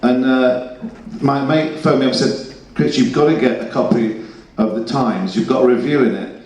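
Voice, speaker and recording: A man's voice: mid-range voice, steady tone, normal speed, darkish tone. Brief: male panel guest, rambling anecdotes, roomy hall sound, distant mic. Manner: rambling, chuckling storyteller. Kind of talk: convention Q&A anecdote. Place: convention hall. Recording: echoey hall, mic heard from afar.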